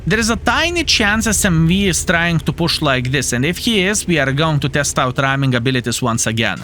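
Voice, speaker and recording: A young man gives live gameplay commentary in a bright, higher voice. His pitch swings widely and playfully as he jokes and calls out to his viewers as fellas, with faint noise under him. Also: big pitch swings, a little fast, few pauses. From Lithuania. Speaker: gaming streamer.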